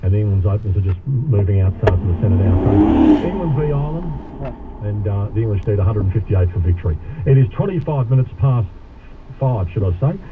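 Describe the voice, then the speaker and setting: A man's voice: lowish voice, animated, fairly quick. Chatty male radio host. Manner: chatty, matey, casual Australian radio banter. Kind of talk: talk radio hosting. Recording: tinny radio broadcast with faint noise.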